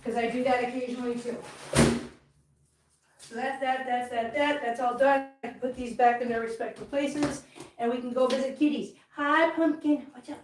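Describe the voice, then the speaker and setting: High-voiced woman chatting to her cats. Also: fairly even intonation, normal speed, pauses often, reverberant, distant mic, noisy background. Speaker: vlog host. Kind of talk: casual chat while cleaning. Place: home, indoors.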